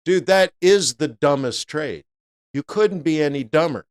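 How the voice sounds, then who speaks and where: A middle-aged man talks through a live trading session in a smooth, resonant voice that sits a little high for a man. He is animated and jokey, often bursting into loud playful bits between his points. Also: measured pace. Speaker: forex trader hosting a live stream.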